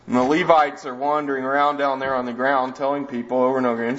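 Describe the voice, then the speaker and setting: A man explains scripture verse by verse in an easygoing, conversational manner, with frequent restarts and asides. His voice is mid-pitched. The recording sounds a bit dull and muffled. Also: level tone, fast talker, hardly any pauses, a bit bright. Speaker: preacher. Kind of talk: verse-by-verse Bible teaching.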